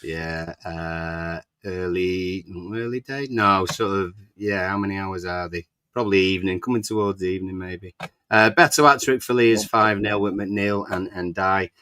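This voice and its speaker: Low-voiced bright man, dry close sound. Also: moderate pace, smooth, no room sound. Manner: reads out listener comments, chatty. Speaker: podcast co-host. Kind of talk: casual fan podcast chat.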